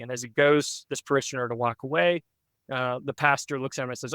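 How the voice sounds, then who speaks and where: Male pastor, podcast guest, mid pitch, smooth tone; earnest reflective storytelling with fillers. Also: fairly even intonation, a little fast, fairly bright tone, no echo.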